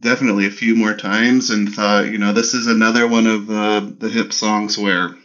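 A man's voice: on the low side, little pitch movement, moderate pace, a bit bright. A man co-hosting a podcast, chatting casually about an album and rambling with many restarts. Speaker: podcast co-host. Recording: dull lo-fi audio.

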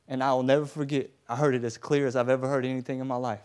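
A man's voice: mid-range voice, fairly even intonation, fast, hardly any pauses. Earnest preacher man building his sermon. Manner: drops to soft, hushed tones at moments.

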